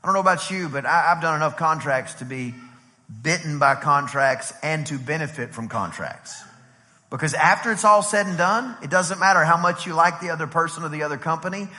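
A middle-aged man preaching a sermon as pastor, lively and conversational, acting out quotes as he goes. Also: fairly high pitch, moderate pace. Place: church sanctuary. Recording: long hall reverb from a church.

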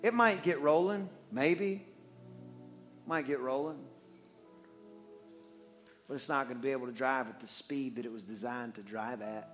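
A man preaching a sermon in church as the pastor, animated and joking, swinging between loud and hushed. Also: mid-range voice, a little slow, long pauses, over music.

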